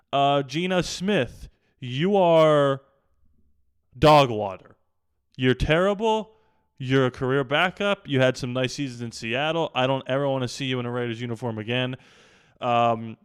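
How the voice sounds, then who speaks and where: Annoyed guy venting about his team, smooth clear voice, gets loud in bursts. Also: medium pitch. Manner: exasperated, builds to loud outbursts. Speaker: sports vlogger. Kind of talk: opinionated sports rant.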